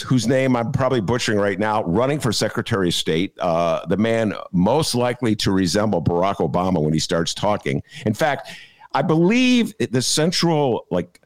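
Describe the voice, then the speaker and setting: A man's voice: medium pitch, animated, normal speed. A man hosting a podcast, chatting in a rambling, jokey way with many filler "uh"s and laughing at his own jokes. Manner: jokey, digressive, full of filler "uh"s. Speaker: podcast host. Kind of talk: rambling comic chat.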